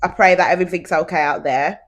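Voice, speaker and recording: A young woman hosts her podcast from home in a relaxed, chatty way. She speaks in a fairly low voice. She confides in her listeners as if they were friends. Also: fast talker. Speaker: podcast host. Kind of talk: casual solo podcast chat. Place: at home, indoors.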